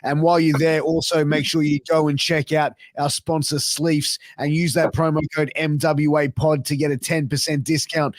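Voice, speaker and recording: A man's voice: a little high, little pitch movement, moderate pace, hardly any pauses, no echo. A man hosting a podcast, upbeat and reading out his sign-off plugs. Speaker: podcast host. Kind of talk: casual podcast chat.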